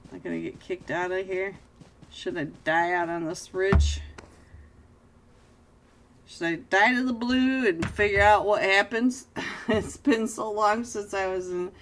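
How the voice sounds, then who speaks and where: A young adult woman live-casting a mobile battle royale match, excitable and self-mocking, jumping between play calls and chat with viewers. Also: medium pitch, a little slow, long pauses, background noise. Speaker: esports caster. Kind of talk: live game commentary.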